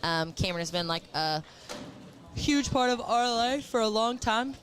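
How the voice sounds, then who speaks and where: A woman's voice: fairly high pitch, expressive. A woman commentating a cornhole livestream in a chatty, rambling, casual way. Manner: chatty, giggly, quick to ramble.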